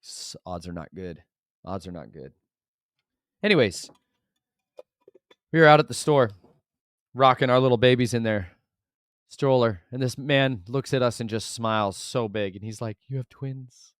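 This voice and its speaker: A man in his thirties, a sleep-deprived father of twins, rambling through a casual vlog monologue with sudden loud bursts. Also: medium pitch, animated, moderate pace, pauses often, no room sound, studio quality.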